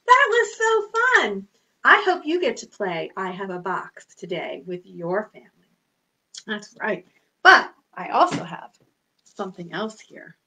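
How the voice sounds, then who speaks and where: A woman's voice: mid-range voice, very animated, unhurried, sharp tone. A woman hosting a children's storytime, singing songs and talking to small children in a sing-song, exaggerated manner. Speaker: children's librarian.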